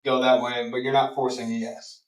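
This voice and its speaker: A man's voice: medium pitch, flat delivery, normal speed. Male trainee, tentative answer, distant and roomy off-mic pickup. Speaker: trainee salesperson. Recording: roomy, from across the room.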